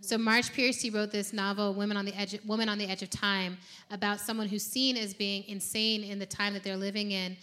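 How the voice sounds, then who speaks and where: Woman writer, bright and lively, chatty and warm-humored delivery. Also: mid-range voice, fairly quick. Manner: animated, laughs often. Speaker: fiction writer. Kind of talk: lively conversation.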